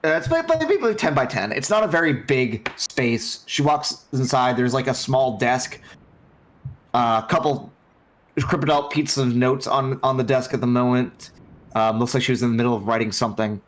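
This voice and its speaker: A man running a tabletop game, describing the scenes in a relaxed, halting manner. He fills his pauses with "um" and "like" as he goes. His voice sits at an average pitch. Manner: loose and halting, lots of fillers. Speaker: game master.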